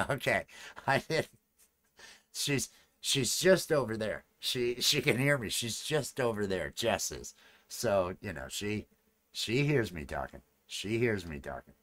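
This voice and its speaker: A man's voice: fairly low pitch, animated, measured pace, a bit bright. A man chatting casually with viewers during a live stream. He rambles and repeats his phrases as he works, and he.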